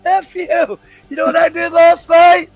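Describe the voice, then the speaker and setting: A man voicing two foul-mouthed birds in a tree, yelling shrill taunts at each other. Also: monotone, a little slow, no room sound. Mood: shouting, taunting. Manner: high shrill shouted taunts.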